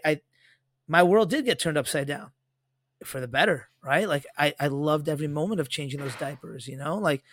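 A man in his thirties co-hosting a podcast, telling stories in a rambling, animated way with lots of fillers. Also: fairly high pitch, no echo, clean studio sound. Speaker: podcast co-host. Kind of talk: casual podcast chat.

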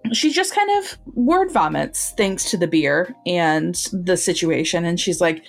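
Casual woman podcast host, lowish voice. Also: very animated, normal speed, soft background music. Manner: retells scenes, quoting characters in livelier raised tones. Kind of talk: casual book review chat.

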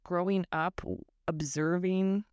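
Speaking slowly into a close microphone, a Northern California woman hosts her own podcast in a reflective solo monologue, drifting into self-deprecating digressions. Her voice is fairly low, with fairly even intonation and a darkish, clear, resonant tone, and the recording is dry.

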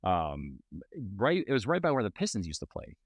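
Low-voiced man rambling casually. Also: normal speed, dry recording. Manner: relaxed, rambling with fillers. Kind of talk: casual chat.

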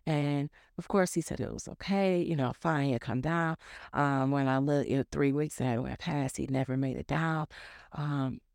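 A woman's voice: a bass voice, steady tone, unhurried, creaky, a little mellow, no room sound, studio quality. A woman sharing a personal testimony as a church member, talking candidly and conversationally with frequent fillers. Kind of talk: personal testimony, casual storytelling.

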